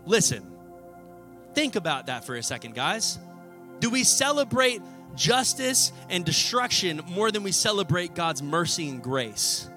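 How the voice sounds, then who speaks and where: A man preaching a sermon as pastor, conversational and animated, acting out the voices in his stories and often asking "right?". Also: high-pitched, unhurried, faint music behind.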